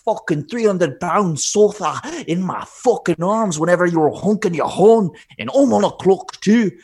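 A man's voice: mid-range voice, normal speed, husky. A man voicing a defiant, swearing Irish truck mover who refuses to back down. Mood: furious. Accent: Irish, attempted. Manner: defiant, loud, curses constantly.

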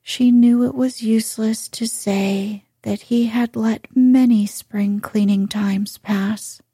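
A woman reading a bedtime story aloud in a soft, hushed, drawn-out delivery. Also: a little high, steady tone, slightly rough, no room sound, clean studio sound.

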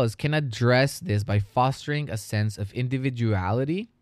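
A man hosting a solo educational podcast, talking casually as a teacher and turning lively when he retells classroom stories. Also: mid-range voice, dry recording.

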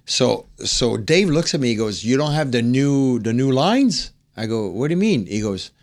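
A man guest on a podcast, telling a story and acting out the quotes in different voices. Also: normal speed. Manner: acts out quotes, swings higher when excited. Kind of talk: animated storytelling.

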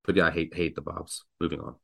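A man hosts a casual sports betting show. He talks in an animated, excitable way, his voice jumping up when he tells a story. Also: very deep voice, quick pace, vocal fry, background noise. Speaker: podcast host.

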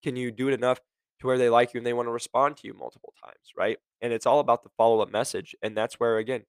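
A man hosting a podcast, coaching listeners on sales careers in a direct, energetic way, firing off rhetorical questions and acting out quotes. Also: medium pitch, fast, clear, resonant tone, no echo. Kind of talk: motivational podcast monologue.

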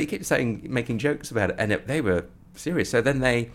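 A man telling a comic story as an interview guest, acting out the voices of the people in it. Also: brisk. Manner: animated storyteller, acting out voices with rising pitch. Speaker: comedy performer and guest. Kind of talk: anecdotal storytelling.

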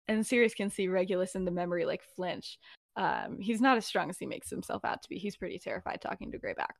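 A woman's voice: on the low side, expressive, quick pace, gravelly, no room sound, studio quality. A young woman co-hosting a podcast, casually retelling a fan story with lots of fillers and "he's like". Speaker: podcast co-host.

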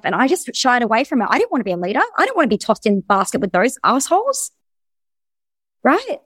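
A woman coaching in a presentation, talking at a quick clip in a high voice. She is blunt and energetic and swears freely. The sound is dry and close. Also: no echo. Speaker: business coach. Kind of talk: recorded presentation.

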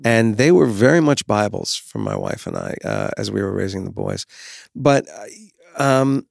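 A man in his fifties appears as a guest, telling candid stories in a frank, reflective way and occasionally swearing. His lowish, creaky voice swoops wildly in pitch at a normal speed. The studio recording is clean with no echo.

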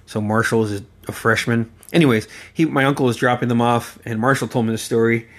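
A man's voice: mid-range voice, fairly even intonation. A man in his forties telling casual, rambling stories about his uncle, swearing freely and breaking into laughter as he goes. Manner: rambling, profane, often laughing mid-sentence; halting, with many fillers and restarts. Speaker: storyteller remembering a late relative. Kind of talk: casual anecdotal storytelling.

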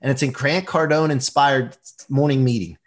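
A man who is a performance coach, talking as a guest in a casual interview, energetic, emphatic and motivational. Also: mid-range voice, moderate pace.

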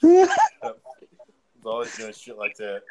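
A man's voice: on the low side, wildly swooping pitch, slow, lo-fi sound, noisy background. A man in casual chat, telling stories in a loose, profane, joking way. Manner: loose, profane, laughing storytelling.

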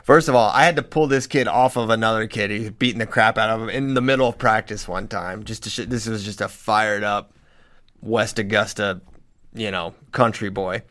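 A man who coaches high school wrestling, telling stories in casual podcast chat and laughing often. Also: normal speed. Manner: animated storyteller, laughs often.

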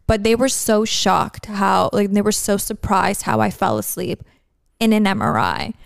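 A woman's voice: medium pitch, unhurried, vocal fry, dry recording, studio quality. A young woman hosting a podcast, chatting in a rambling, earnest way about her faith and daily life. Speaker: podcast host. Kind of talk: casual podcast chat.

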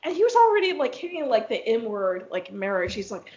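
A woman podcast host telling a story in casual chat, rambling with lots of fillers and blunt swearing. Her voice sits fairly high. The recording sounds a little dull and lo-fi. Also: brisk, background noise. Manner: animated, rambling with many fillers and frank swearing.

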